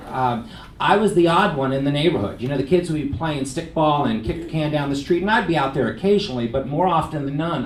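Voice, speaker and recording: Man from New York City, TV anchor at a luncheon, self-deprecating storyteller; distant echoey room, crowd and noise behind. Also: medium pitch. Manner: humorous, self-deprecating, acts out quotes. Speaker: TV news anchor speaking at a luncheon. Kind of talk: storytelling speech. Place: restaurant event hall with a lunch audience. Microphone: venue microphone. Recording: echoey hall, far from mic, crowd and noise.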